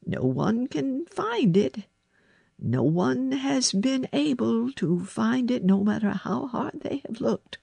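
A woman reading aloud and voicing a gruff old male gardener who speaks slowly, sternly and plainly. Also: on the high side, sing-song, dark tone, no room sound, pitched above the performer's own voice, heavily acted. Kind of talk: storybook reading.

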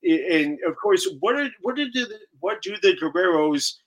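A man speaking as a guest on a live talk show, halting and repeating himself, a little flustered. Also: sits high, animated, poor audio.

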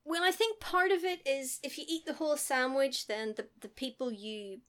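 A woman's voice: high voice, normal speed, fairly bright tone. Chatty woman, rambling recap. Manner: rambling, laughs often, acts out quotes. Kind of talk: casual chat recapping a film.

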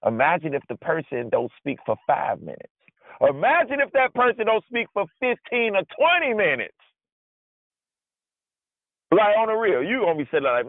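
A man preaching a conversational sermon, informal and animated, acting out his frustration in asides. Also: high voice, normal speed, long pauses, no echo. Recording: dry, tinny phone-like sound.

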